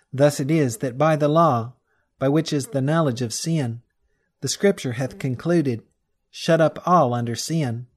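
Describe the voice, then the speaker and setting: A man's voice: mid-range voice, darkish tone. Man solemnly reading a sermon text. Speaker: reader of a religious text. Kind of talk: read-aloud sermon text.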